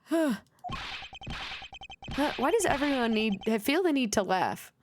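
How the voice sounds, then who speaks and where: A woman's voice: sits high, sing-song, a little slow. A woman streamer chatting casually and swearing while playing a game, over game music. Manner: casual, swears freely, laughs. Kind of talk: casual gameplay commentary.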